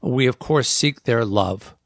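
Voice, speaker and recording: A man's voice: medium pitch, slow pace, no echo, clean studio sound. A man hosting a talk show on air, speaking earnestly and acting out inner voices as he lists points. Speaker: radio talk show host.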